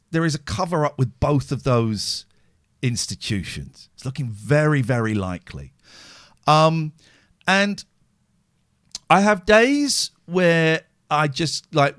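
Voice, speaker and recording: Raw, swearing man, lively pitch. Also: no room sound, studio quality. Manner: raw, heavily profane, halting with restarts. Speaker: podcast host. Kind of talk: emotional live-stream monologue.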